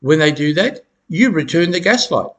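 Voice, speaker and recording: A middle-aged man giving advice straight to camera, halting and repeating words, with frequent chuckles. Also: on the high side, big pitch swings, a bit bright. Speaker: self-help educator.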